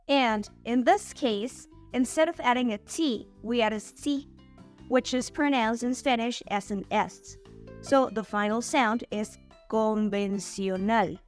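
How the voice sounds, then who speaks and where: A woman hosting an online Spanish lesson, saying example words slowly and clearly for learners. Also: a little high. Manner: clear, slow model pronunciation of words. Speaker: Spanish teacher and channel host.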